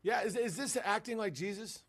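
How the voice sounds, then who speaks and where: A man's voice: high voice, fairly quick, a bit bright, breathy edge. A man streaming a profane, mocking rant, breaking into sarcastic impressions. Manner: mocking, profane, jumps into sarcastic put-on voices. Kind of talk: profane ranting monologue.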